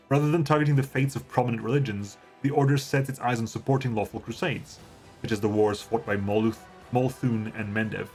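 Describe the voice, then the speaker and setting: A man's voice: mid-range voice, darkish tone. A man streaming a video game, reading its text aloud and musing casually with fillers.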